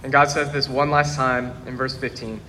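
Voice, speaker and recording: A man who is a pastor, preaching a sermon in an earnest, steady way. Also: medium pitch, moderate pace, slight background noise. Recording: long hall reverb, faint ambience.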